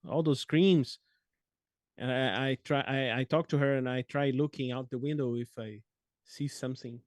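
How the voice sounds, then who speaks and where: A man's voice: mid-range voice, steady tone, moderate pace, no room sound, clean studio sound. A man playing a tabletop game, speaking hesitantly and repeating words. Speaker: player. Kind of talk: tabletop role-play.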